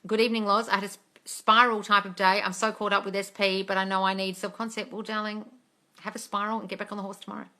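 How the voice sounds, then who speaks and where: Blunt swearing woman with a bright voice. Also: mid-range voice, flat delivery, fast talker. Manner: blunt, swears freely, calls viewers darling. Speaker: manifestation coach answering live chat questions. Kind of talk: casual live-stream Q&A. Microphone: phone or webcam, live stream.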